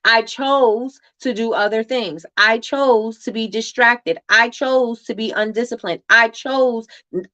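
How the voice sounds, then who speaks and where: Emphatic woman host, slightly high voice. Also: unhurried, pushed and bright, dull audio. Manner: emphatic, repeats phrases for effect; reads viewer comments aloud. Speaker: livestream host. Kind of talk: motivational livestream talk.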